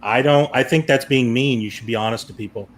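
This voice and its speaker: A man's voice: mid-range voice, brisk, slight background noise. A man co-hosting a casual live stream, ribbing his co-host with blunt, mock-arrogant remarks.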